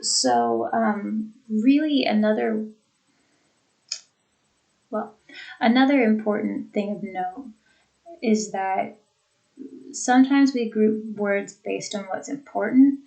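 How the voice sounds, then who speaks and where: A young woman teacher reviewing a class lesson, speaking deliberately and demonstrating example sentences. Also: mid-range voice, gravelly, warm tone, highs cut off. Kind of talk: lecture recap for students.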